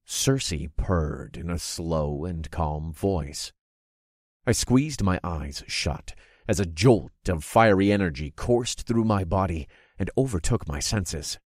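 A man narrating a fantasy audiobook in the first person, expressive and acting out his own reactions. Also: sits low, slow pace, no echo, clean studio sound. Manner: expressive, groaning and cursing in character.

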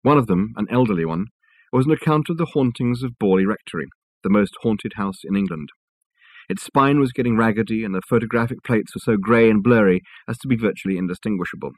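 A man narrating a novel as an audiobook, in a measured, wry storytelling manner on a close mic. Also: on the low side, no echo.

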